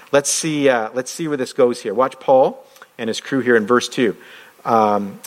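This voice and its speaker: A man preaching in a relaxed, talkative way, pausing on fillers and firing off rhetorical questions as he tells stories. His voice sits at an ordinary middle pitch. It sounds like a pastor chatting with his congregation more than lecturing. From outside the United States. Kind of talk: conversational sermon.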